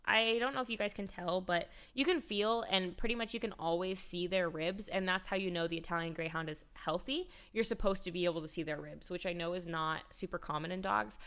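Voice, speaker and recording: A woman's voice: fairly low pitch, a little fast, few pauses, a bit bright, smooth. A woman livestreamer in casual chat, rambling with frequent restarts and easy laughter. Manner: chatty and rambling, restarts often, laughs easily.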